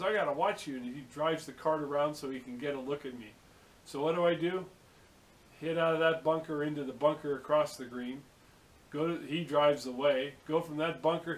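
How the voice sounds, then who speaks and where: A man's voice: on the high side, fairly even intonation, a little fast, rough recording. A man from the San Francisco Bay Area, talking casually inside a vehicle, rambling, cursing and telling stories with quoted dialogue. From San Francisco Bay Area, USA. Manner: chatty, swearing, storytelling with quoted dialogue. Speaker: vlogger.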